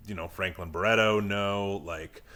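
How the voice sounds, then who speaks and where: A man's voice: normal speed, crowd noise. A man co-hosting a casual sports podcast, rambling with lots of hedges and filler words. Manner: rambling, hedging with fillers, jumps in pitch when excited. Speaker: podcast co-host.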